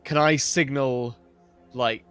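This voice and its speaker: A man's voice: medium pitch, fairly even intonation, slow, a bit bright, clean tone, soft background music. Jokey man player at a game table. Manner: jokey, laughing asides. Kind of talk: casual tabletop role-play chat.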